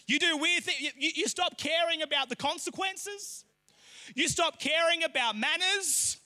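High, bright-voiced male preacher. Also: measured pace. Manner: animated storytelling, rising to shouts. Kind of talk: sermon with a personal story.

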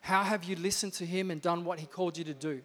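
High-voiced man preaching energetically. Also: quick pace. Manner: energetic, emphatic preaching with repetitions. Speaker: pastor. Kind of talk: sermon. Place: church. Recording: reverberant church hall.

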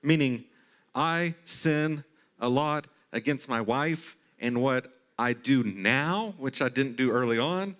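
A man in his thirties preaches to his congregation in a relaxed, conversational way. His voice sits at an ordinary middle pitch, and he slips into animated, mock-incredulous asides to make his points. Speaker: pastor. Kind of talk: sermon. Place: church sanctuary.

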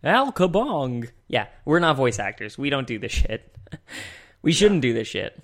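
A man's voice: mid-range voice, expressive, normal speed. A young man hosting a podcast, talking casually into a desk microphone, rambling and chuckling often. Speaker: podcast host. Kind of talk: casual chat.

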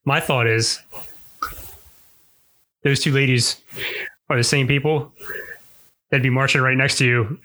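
A man in a casual chat, calmly asking probing questions. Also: medium pitch, unhurried, pauses often, low-quality recording. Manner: calm, asks probing questions. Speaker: interviewer.

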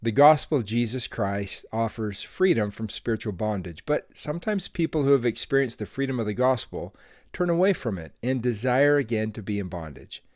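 A man's voice: medium pitch, lively intonation, normal speed, a little mellow, no echo, studio quality. A middle-aged man hosting a devotional podcast, telling a childhood story in an earnest, friendly way with an occasional laugh. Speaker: podcast host.

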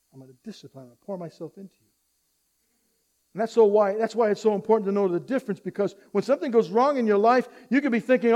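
A man preaching a sermon, swinging between loud urgent appeals and soft hushed asides, acting out quoted voices and having the congregation repeat lines after him. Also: high-pitched. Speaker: pastor.

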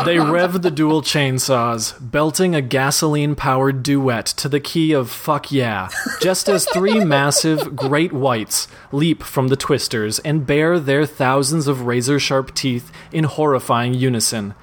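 A man's voice: mid-range voice, a little slow, few pauses. Man giggling through a parody reading. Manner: amused, often breaking into laughter. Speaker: reader. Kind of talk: comic reading of a parody story.

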